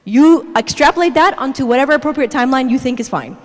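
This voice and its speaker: A woman giving a lively, chatty church talk, constantly checking in with her listeners with "okay?". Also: sits high, quick pace. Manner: animated, chatty, tags "okay?" after every point. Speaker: guest speaker. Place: church sanctuary. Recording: echoey church hall.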